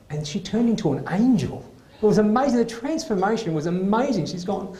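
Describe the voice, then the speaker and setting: An Australian man hosts a comedy night in a club, with a high voice for a man. He tells animated stand-up stories and mimics the people in them. His voice rings in an echoey room over a faint hiss. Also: quick pace. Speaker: comedy show host. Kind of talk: stand-up anecdotes. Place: club venue.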